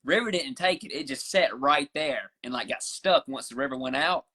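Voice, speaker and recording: A man's voice: a little high, sing-song, moderate pace, gravelly, pushed and bright. A man with a Southern accent, a podcast guest telling long profane stories full of restarts and fillers. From rural Southern US. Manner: profane, rambling storyteller with many restarts. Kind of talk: casual podcast chat.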